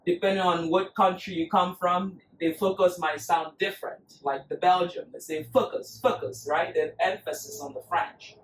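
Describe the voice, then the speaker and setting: A yoga instructor guiding a class with slow, soothing cues paced to the breath. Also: mid-range voice, a bit bright, reverberant, far from the mic, a little hiss or hum, poor audio.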